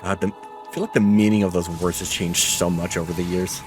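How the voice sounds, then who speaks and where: A man's voice: low-pitched, fairly even intonation, brisk, over music. A man hosting a let's play, chatting casually about the story and swearing now and then. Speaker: VTuber let's play host. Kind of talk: casual gameplay commentary.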